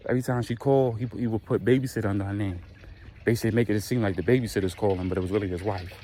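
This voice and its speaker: A man casually retelling a dramatic story in slangy, animated speech. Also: fairly low pitch, rapid-fire, a little hiss or hum.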